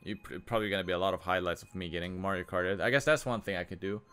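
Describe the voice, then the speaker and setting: A man streaming a racing game, reacting out loud with yelps, groans and laughs as he plays. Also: low-pitched, rapid-fire, clear, resonant tone. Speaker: gaming streamer. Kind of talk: live game commentary.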